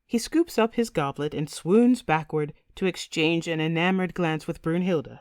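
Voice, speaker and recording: A woman narrating a fantasy audiobook in an even, measured way. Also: low-pitched, dry recording, clean studio sound. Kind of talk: scripted narration.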